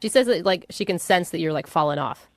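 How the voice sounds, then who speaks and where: Sassy lively female radio co-host. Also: fairly low pitch, dry recording. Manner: sassy, quick reactions. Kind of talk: morning radio call-in banter.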